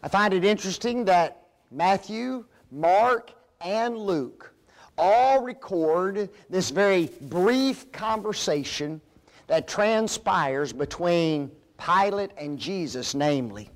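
A man's voice: high-pitched, lively intonation, takes it slowly. A man preaching a Bible lesson, speaking emphatically, calling the listeners folks and asking rhetorical questions. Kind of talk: sermon-style Bible lesson.

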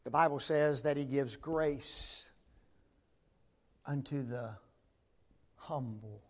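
A man preaches a sermon in a medium-pitched voice at a slow pace. He swings between loud, emphatic peaks and hushed near-whispers, often asking the congregation rhetorical tag questions.

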